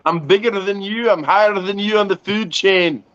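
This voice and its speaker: High-voiced man cracking crude jokes. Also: normal speed, fairly bright tone, highs cut off. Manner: crude joking, laughs at own jokes. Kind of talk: casual chat.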